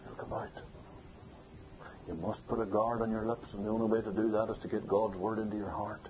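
A man preaches with insistent repetition, his voice climbing to forceful loud peaks. The sound is thin and phone-like, with a faint hiss underneath. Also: lowish voice, little pitch movement, fast. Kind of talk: sermon.

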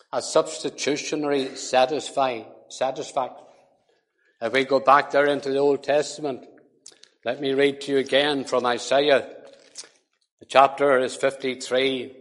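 A man preaching a sermon, slow and deliberate, swinging between quiet low passages and loud forceful emphasis. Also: steady tone. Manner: emphatic, rising to forceful peaks then dropping low. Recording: long hall reverb.

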